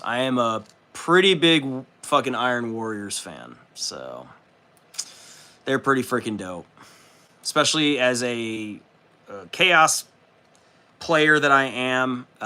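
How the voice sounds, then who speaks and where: A man hosting a casual livestream, loose and profane, excitable and chatting with his viewers as he works. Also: mid-range voice, slow, smooth. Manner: loose, profane and excitable, reads chat aloud. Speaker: livestream host. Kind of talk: casual livestream chat while building models.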